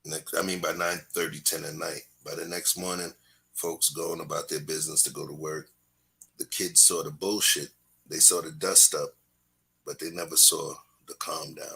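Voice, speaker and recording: A man's voice: a bass voice, little pitch movement, moderate pace, vocal fry, sharp tone, slightly rough. A man hosting a casual talk show, telling stories with slang in a laid-back, preachy way. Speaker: host.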